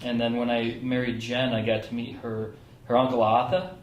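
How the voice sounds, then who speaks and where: A man casually introducing a reading at a live event, chatty and halting with many ums and asides. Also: medium pitch, level tone, a little hiss or hum. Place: small theatre stage with audience. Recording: roomy live room, mic at a distance.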